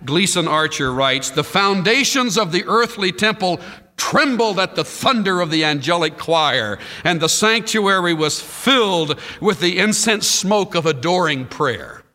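A man preaching a sermon, dramatic, swinging between hushed asides and shouting. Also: high voice, animated, measured pace. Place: large church hall. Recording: long reverb of a large hall.

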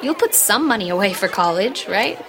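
A woman's voice: mid-range voice, lively intonation, normal speed, crowd noise, background noise, natural voice. An actress playing a self-assured, pushy teenage girl. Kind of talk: radio drama acting.

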